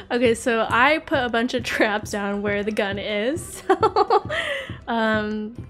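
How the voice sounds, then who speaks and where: Young female game streamer, high voice, unhurried delivery, gasps and giggles often, faint music underneath. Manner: excitable, gasping and giggling often. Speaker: gaming channel host. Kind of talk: live game commentary.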